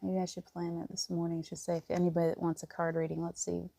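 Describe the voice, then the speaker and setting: Gravelly low woman, gentle encouragement. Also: completely flat delivery, quick pace, a little hiss or hum. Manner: rambling, with many restarts. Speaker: spiritual reader. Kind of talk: casual livestream talk.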